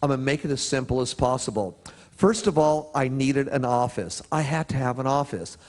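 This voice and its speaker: Man giving an animated motivational talk. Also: moderate pace. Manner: animated storytelling, with big swings in pitch. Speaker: motivational speaker. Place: prison chapel or hall.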